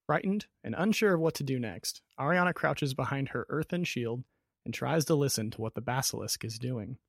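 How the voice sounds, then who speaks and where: A man reading a fantasy story aloud as narrator, in steady, descriptive narration. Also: mid-range voice, moderate pace, vocal fry, dry recording, clean studio sound.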